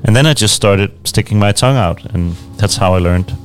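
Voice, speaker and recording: A man from Denmark chatting casually as a co-host on a community radio show, relaxed and quick to laugh. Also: fairly low pitch, soft background music. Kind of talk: casual chat.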